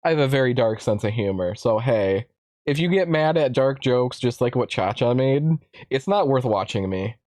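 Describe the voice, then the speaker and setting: A blunt, defiant male streamer rambles through casual chat at a close desk mic. His voice sits at a middling pitch and sounds dry, with no room around it. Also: animated, moderate pace, darkish tone, dry recording. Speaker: streamer host. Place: home streaming setup.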